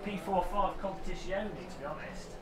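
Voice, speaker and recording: A high-pitched man at normal speed banters through his sim racing livestream, joking and calling out viewers from chat. Background noise is audible throughout.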